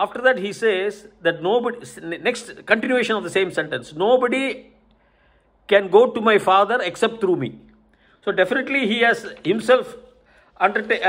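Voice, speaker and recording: An older man explains religious texts in an unscripted talk, pausing often with fillers and self-corrections. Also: high-pitched, fairly bright tone. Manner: hesitant, many fillers, cites verses. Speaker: religious commentator.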